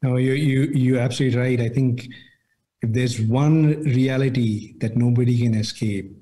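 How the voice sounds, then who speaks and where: Male interview guest, mellow tone, measured and a bit hesitant. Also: medium pitch, steady tone. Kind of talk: conversational interview.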